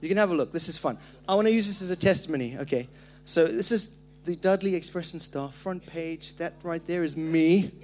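Guy preaching, high voice, gets hectic and jokey, bit of hum behind. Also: a little fast, hardly any pauses. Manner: energetic, animated storytelling with joking asides. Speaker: pastor. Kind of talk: sermon. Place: church hall.

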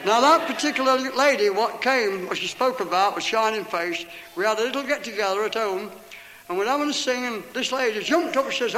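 A man's voice: high voice, expressive, brisk, bright, forceful tone, a little hiss or hum. A man preacher leading a revival meeting, urging and introducing speakers from the congregation. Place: church hall. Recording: roomy hall with crowd.

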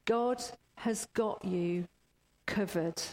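A woman preacher giving a sermon, telling stories in an unhurried way, in a long church reverb. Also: mid-range voice, a little mellow. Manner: unhurried, storytelling.

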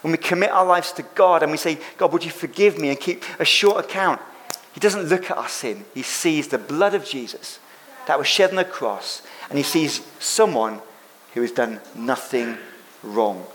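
A man's voice: fairly high pitch, lively intonation, moderate pace, a bit bright, a little hiss or hum. Man preaching an emphatic sermon. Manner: emphatic preaching with repeated phrases and quoted lines. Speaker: pastor.

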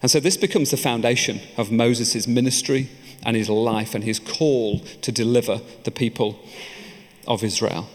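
A man's voice: mid-range voice, moderate pace. A man preaching a sermon in a church, earnest and personal, telling his own story between points. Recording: echoey church hall.

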